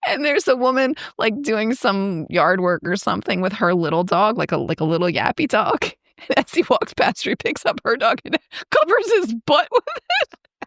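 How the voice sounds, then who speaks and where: A woman's voice: on the high side, fairly bright tone, no room sound, studio quality. A woman co-hosting a podcast, retelling a film's plot in casual chat, laughing often as she acts out the characters' lines. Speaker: podcast co-host.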